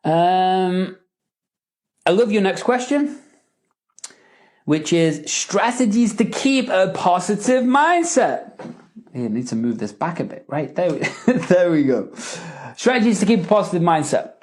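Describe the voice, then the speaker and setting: Brief: male coach, lively swooping pitch, emphatic, keeps asking "right?" while he teaches. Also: a little slow, long pauses. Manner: animated, emphatic, checks in with "right?" and "okay?". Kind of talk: live Q&A teaching.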